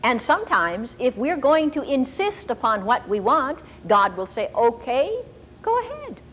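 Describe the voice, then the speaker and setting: A woman Bible teacher giving a storytelling sermon in an animated way and laughing often. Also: on the high side, normal speed, slight background noise, low-quality recording.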